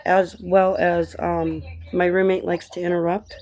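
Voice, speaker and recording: A woman who grew up in Colorado, talking casually in a rambling vlog chat that drifts between tangents and gentle encouragement. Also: fairly low pitch, flat delivery, unhurried. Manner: chatty, tangent-prone, encouraging. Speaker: vlogger and author.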